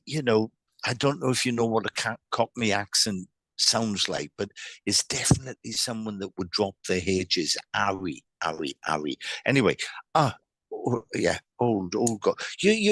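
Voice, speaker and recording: A man with a lowish voice gives a psychic reading and relays what the spirits say. He stumbles, restarts and repeats words. The sound is dry and close, with no room echo. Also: fairly bright tone. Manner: relays spirit messages in quoted speech. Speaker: psychic medium. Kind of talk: live online mediumship reading.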